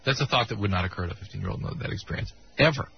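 A man's voice: on the low side, racing, gravelly, a little hiss or hum. A man co-hosting a late-night radio call-in advice show, emphatic and incredulous as he responds to callers. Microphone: studio broadcast mic. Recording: dull broadcast radio sound.

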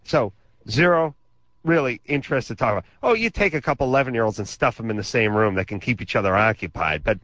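A man with a medium-pitched, fairly bright voice talks fast with lively intonation, the recording dry and made on a studio microphone. Co-hosting a call-in radio show, he does comedic storytelling, spinning exaggerated, sarcastic tales with crude asides.

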